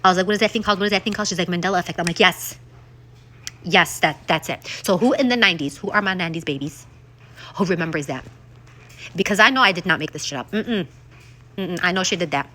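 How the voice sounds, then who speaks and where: A woman, chatting through a casual vlog while still congested from an illness, animated and full of exclamations and asides. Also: fairly low pitch, fast, a little hiss or hum. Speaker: vlogger.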